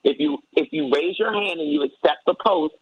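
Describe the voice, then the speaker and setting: Gravelly emphatic man on a dull line. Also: on the high side, moderate pace, no echo. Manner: forceful, emphatic, repetitive for effect. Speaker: radio show guest. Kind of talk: opinionated talk radio commentary.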